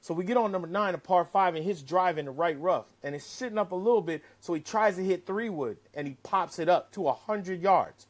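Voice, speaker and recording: A man telling a casual, animated story as a guest, cursing freely and acting out what people said. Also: high-pitched, a little fast, few pauses. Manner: animated, profane, acts out quotes. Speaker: caddie-turned-broadcaster guest.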